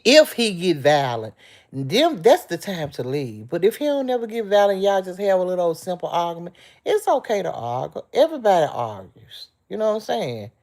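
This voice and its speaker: A woman's voice: on the low side, darkish tone. Emotional middle-aged woman chatting live. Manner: emotional, heartfelt, talks straight to viewers. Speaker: livestream host. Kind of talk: casual livestream chat with viewers.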